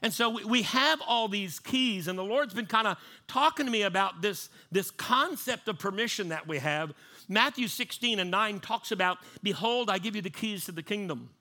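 A man's voice: high-pitched, animated, moderate pace, sharp tone. A man preaching a sermon in a conversational way, often repeating and restarting his words. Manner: conversational, repeats and restarts, acts out panicked voices.

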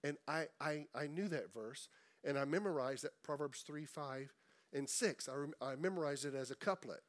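A middle-aged man preaching a sermon in a conversational way, repeating words and slowing down for emphasis. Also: fairly high pitch. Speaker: pastor.

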